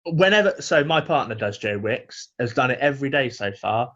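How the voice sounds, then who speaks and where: A man's voice: mid-range voice, animated, normal speed, a bit bright. Grumbling man on a lo-fi call. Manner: grumbling, mock-ranting, dry. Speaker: podcast co-host. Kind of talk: casual comedic chat. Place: home, on a video call. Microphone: video call microphone.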